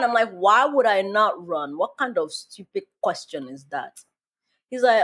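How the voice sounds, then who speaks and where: A husky-voiced woman hosting a podcast, who tells stories casually and with lots of energy. She laughs often and throws her voice into the people she quotes. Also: lowish voice, normal speed. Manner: animated, laughing, acting out quotes. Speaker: podcast host. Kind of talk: casual storytelling.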